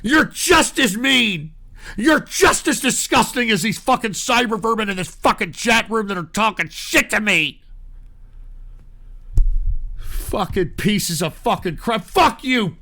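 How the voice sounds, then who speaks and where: A man's voice: high voice, sharp tone. A man hosting a live call-in show, ranting angrily and swearing at his chat. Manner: angry, profane, ranting at chat.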